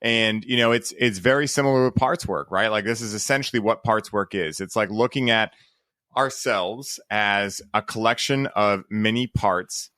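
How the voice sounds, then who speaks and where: A man's voice: on the low side, moderate pace, sharp tone, no echo, clean studio sound. A man hosting a podcast, talking in an enthusiastic, affirming way in casual chat. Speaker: podcast host.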